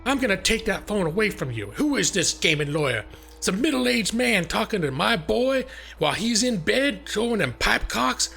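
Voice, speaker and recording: A man's voice: sits high, sing-song, normal speed, gravelly, bright, forceful tone, faint music behind, voice pushed up, exaggerated voice. Man putting on a scolding southern mom. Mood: indignant. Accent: Southern US (put on). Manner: scolding, indignant. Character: angry scolding southern mom catching her son.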